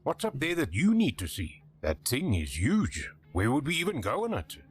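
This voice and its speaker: An actor playing a rugged older-brother helicopter tour pilot with a South African accent, blunt and easygoing, in a game. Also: male voice, mid-range voice, huge pitch swings, moderate pace. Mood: gruff.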